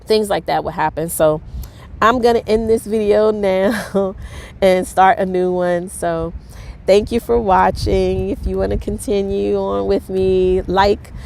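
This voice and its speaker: Candid woman vlogging, halting and frank. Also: mid-range voice, fairly even intonation, vocal fry, darkish tone. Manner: candid, halting, many fillers. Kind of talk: personal vlog monologue.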